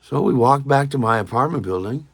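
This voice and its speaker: A man telling a personal anecdote in a rambling, halting way, often repeating his words. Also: mid-range voice, animated, vocal fry, fairly bright tone, husky. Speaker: storyteller. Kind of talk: personal anecdote told casually.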